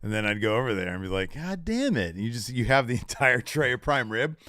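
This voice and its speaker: A man co-hosting a live podcast, bantering casually, loud and profane, jokingly berating the audience. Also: medium pitch, quick pace, no echo, studio quality. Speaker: podcast co-host.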